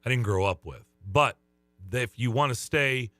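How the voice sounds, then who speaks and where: A middle-aged man, a youth baseball coach, co-hosting a sports talk show. His voice is a bit hoarse and his banter is teasing and lively, at an ordinary pitch and recorded dry and close. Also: measured pace, no echo, faint music behind. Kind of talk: casual radio chat.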